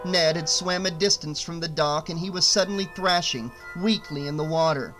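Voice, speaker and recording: A man reading an audiobook aloud in a steady, expressive way. His voice sits a bit high for a man. Quiet music plays faintly beneath him. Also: normal speed. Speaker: audiobook narrator. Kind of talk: audiobook narration.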